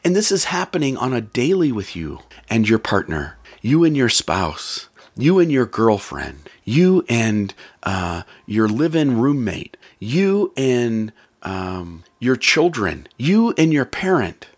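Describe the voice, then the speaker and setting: A man's voice: mid-range voice, very animated, takes it slowly, hardly any pauses. A man giving an earnest motivational talk about relationships, repeating phrases for emphasis.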